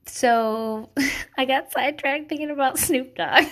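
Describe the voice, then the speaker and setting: A woman's voice: high voice, measured pace, fairly bright tone. A woman talking as a mother giving parenting advice in a casual monologue, blunt, swearing freely, laughing and wandering off on tangents.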